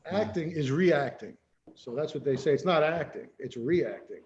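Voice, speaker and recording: A man's voice: a little high, expressive, normal speed, a little mellow, dull audio, a little hiss or hum. A man, an actor guest, chatting casually in short, plain remarks. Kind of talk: casual chat.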